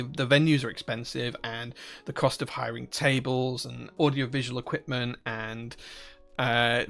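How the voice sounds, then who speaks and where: A man's voice: mid-range voice, gravelly, a bit bright. A man from Northern Ireland with a Northern Irish accent, hosting a live stream and chatting casually with viewers, rambling with frequent restarts and fillers. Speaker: livestream host. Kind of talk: casual live-stream chat, reading chat questions.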